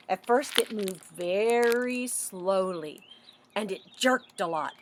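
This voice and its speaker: A woman librarian reading a picture book aloud to children, animated and asking them questions as she goes. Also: mid-range voice, takes it slowly. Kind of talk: children's story read-aloud.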